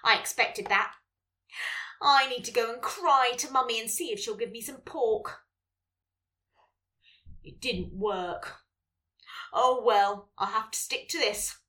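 A woman reading as a playful two-year-old family dog, chatting like a diary with excited barks. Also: fairly high pitch, takes it slowly, long pauses, far from the mic.

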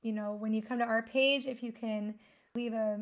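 A woman's voice: on the high side, fairly even intonation, moderate pace. A woman co-hosting a casual podcast with her husband, friendly and upbeat, laughing easily. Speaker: podcast co-host. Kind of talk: casual chat.

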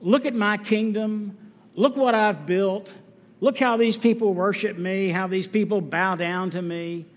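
A man acting out an arrogant ancient king who brags about his kingdom and his power. He has a high voice that he lifts a little further, and it rings with a long reverb from the hall. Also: fairly even intonation, measured pace. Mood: boastful. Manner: gloating, repetitive self-praise.

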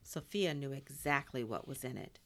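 A woman reading a children's storybook aloud, expressive and dropping in Spanish words. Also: rumbling low, normal speed.

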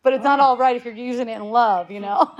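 A woman's voice: on the high side, quick pace, lo-fi sound. A woman in her fifties talking casually to a group, rambling with restarts, swearing freely and laughing often. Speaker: speaker in a group talk.

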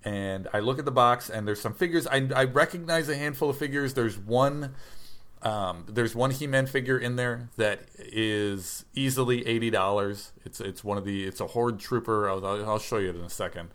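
Guy rambling thru a toy deal story, lots of restarts, perks up quoting folks, mid pitch. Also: normal speed. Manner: rambling, self-correcting, animated when quoting people. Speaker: toy reseller telling a story. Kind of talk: casual storytelling chat.

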